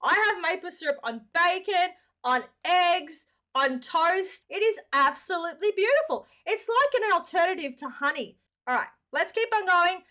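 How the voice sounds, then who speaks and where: A woman's voice: very high voice, lively intonation, moderate pace, sharp tone. An Australian woman hosting a reaction video, chatting upbeat and casually, calling the viewers mate.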